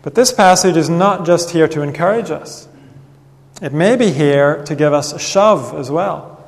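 A man preaching a sermon in an earnest, measured way, reading Bible passages aloud. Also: fairly high pitch. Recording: long reverb of a hall.

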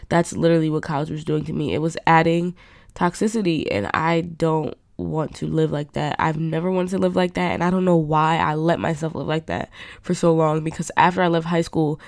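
A woman's voice: sits low, fairly even intonation, brisk, vocal fry, a little mellow, no echo, clean studio sound. A young adult woman hosting her own podcast, chatting candidly in a rambling way with lots of fillers. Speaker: podcast host. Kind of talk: casual solo podcast chat.

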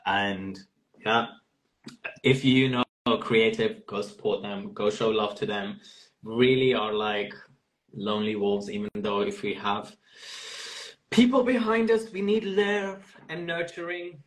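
A man's voice: lowish voice, fairly even intonation, a little slow, low-quality recording. A man hosting his podcast in casual chat, cheeky and playful, then earnest. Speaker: podcast host.

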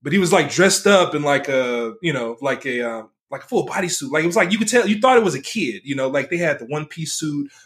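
A man trades stories in relaxed conversation, piling on fillers and small laughs. His voice sits a little above the usual male pitch. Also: fast, few pauses. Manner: laid-back, filler-heavy, chuckling. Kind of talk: casual chat.

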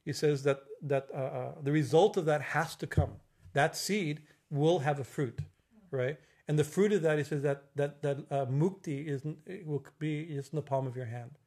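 A middle-aged man giving an informal religious talk as a spiritual teacher, halting, with many fillers and restarts, often asking "right?". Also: on the high side, a little mellow.

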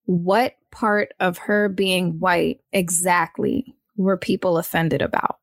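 A woman in casual discussion, speaking in a measured, deliberate way. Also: fairly low pitch, fairly even intonation, no room sound, studio quality. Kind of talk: casual chat.

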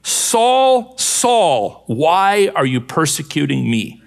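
A man's voice: fairly high pitch, sing-song, extremely slow, creaky, exaggerated voice. A man voicing the commanding voice of Jesus from heaven, reading it emphatically in a sermon.

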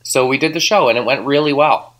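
A man co-hosting a podcast, casually recapping a tour with a slightly hoarse, raspy voice and easy fillers. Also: mid-range voice, brisk. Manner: relaxed storytelling, many fillers. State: hoarse, recovering voice. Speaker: podcast co-host. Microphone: headset mic.

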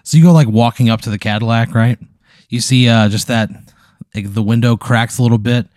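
A man's voice: medium pitch, steady tone, fairly quick, darkish tone, dry recording, clean studio sound. A man narrating an improvised comedy scene as game master in a laid-back way. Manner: laid-back, describes scenes in second person.

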